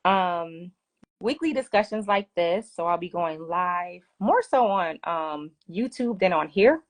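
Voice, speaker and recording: A woman hosts a relaxed finance Q&A livestream. Her voice is animated and varied in pitch, and she talks in a chatty, easygoing way with frequent laughter, recorded on a phone. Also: unhurried. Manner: laughs often, apologetic and chatty. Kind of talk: casual live Q&A chat.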